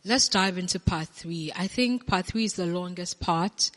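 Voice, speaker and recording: A woman's voice: fairly low pitch, measured pace. A woman hosting a reaction video, chatting to viewers and repeating her points. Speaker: reaction channel host. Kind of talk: reaction commentary. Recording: long reverb in a room.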